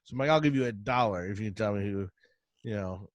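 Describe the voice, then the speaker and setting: Recorded with no room sound and the highs cut off, a middle-aged male podcast host speaks in a fairly low voice with a dry, close sound. In casual chat he rambles through stories in quick bursts, laughing a lot.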